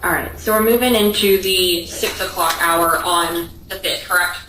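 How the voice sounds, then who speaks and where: A woman examining a witness in court with brisk, direct questions. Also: on the low side. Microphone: distant courtroom microphone. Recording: echoey, distant courtroom audio with noise.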